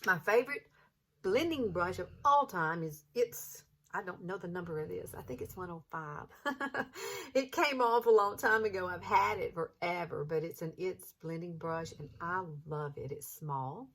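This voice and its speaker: A woman's voice: fairly low pitch, moderate pace, fairly bright tone. A woman in her fifties with a Southern US accent, chatting through a makeup tutorial in a folksy, encouraging way. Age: 50s.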